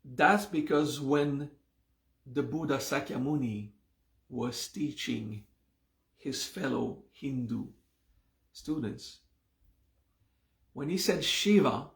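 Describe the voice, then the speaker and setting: Slow, gravelly-voiced male meditation teacher. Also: medium pitch, echoey room. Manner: unhurried, often checks in with "okay?". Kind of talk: live class explaining a mantra and mudra.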